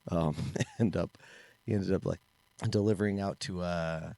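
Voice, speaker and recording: A man's voice: deep voice, fairly even intonation, unhurried, creaky, warm tone. A middle-aged man, a podcast co-host, telling a childhood story in casual chat and acting out the voices he quotes. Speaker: podcast co-host, martial arts instructor.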